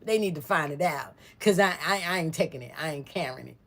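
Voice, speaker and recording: Low-voiced woman telling a family story. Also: quick pace. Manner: animated, mimics other people's voices. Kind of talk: casual storytime chat.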